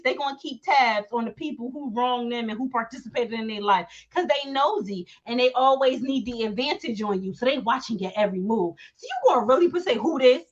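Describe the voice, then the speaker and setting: A woman hosting casual celebrity gossip commentary, animated and mocking, laughing often and talking in slang. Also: sits high, lo-fi sound. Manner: slangy talk, repeated phrases. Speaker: commentary host.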